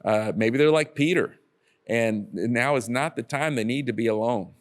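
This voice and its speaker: A man's voice: mid-range voice, normal speed. Earnest man giving a casual sermon. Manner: earnest, repetitive exhortations to the listener. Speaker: preacher.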